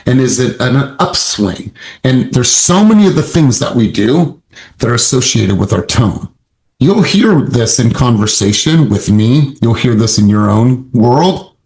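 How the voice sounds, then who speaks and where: A man coaching sales agents in an emphatic, repetitive, motivational way. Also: medium pitch. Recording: roomy echo.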